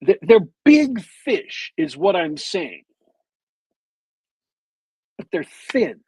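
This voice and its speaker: A man on a podcast with a bad cold, retelling a movie plot as a meandering, detailed storyteller with long pauses. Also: sits high, sing-song, darkish tone, slightly rough, no echo, low-quality recording. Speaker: podcast co-host.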